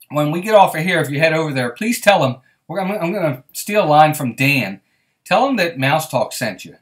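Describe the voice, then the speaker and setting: Chatty man hosting a live stream. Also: on the high side. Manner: chatty, greets viewers by name as he reads the live chat; friendly, reassuring tone with viewers. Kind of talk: casual live-stream chat.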